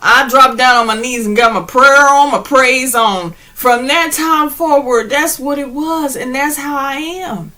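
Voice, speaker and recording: Woman spiritual vlogger, high bright voice, animated, slangy, preachy and laughing. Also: measured pace, few pauses. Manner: preachy, addresses viewers directly. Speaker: spiritual channel host. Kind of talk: casual spiritual pep talk.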